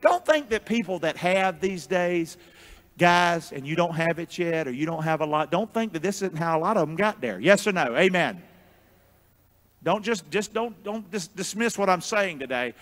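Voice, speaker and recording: A man preaching a sermon as pastor, with call-and-response, booming shouts and hushed asides. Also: animated, normal speed. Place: church sanctuary.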